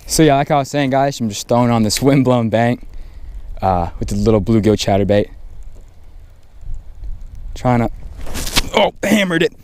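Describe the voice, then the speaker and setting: Excited man fishing outdoors. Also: medium pitch, normal speed, pauses often. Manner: excited, repeats phrases when hooking fish. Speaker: fishing vlogger. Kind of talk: casual outdoor vlog commentary. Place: windy pond bank outdoors. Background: faint wind and outdoor ambience.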